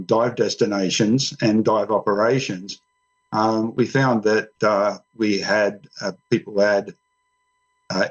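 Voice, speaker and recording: Man, measured and explanatory. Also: lowish voice. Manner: thoughtful, explanatory, with frequent ums. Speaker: guest writer. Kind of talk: podcast panel discussion. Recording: slightly muffled lo-fi sound.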